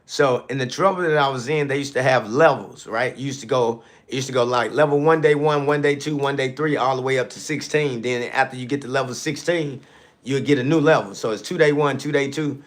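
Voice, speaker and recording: A landscaping business owner tells a personal story on a live stream in a mid-range voice at a fairly quick pace. He calls out to his viewers and repeats lines, building emphasis to drive them home.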